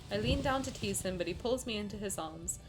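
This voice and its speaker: A woman's voice: medium pitch, animated, brisk, soft background music. A woman streamer reads a game story aloud and reacts to it with effusive, emotional chatter. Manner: effusive, emotional, laughs often.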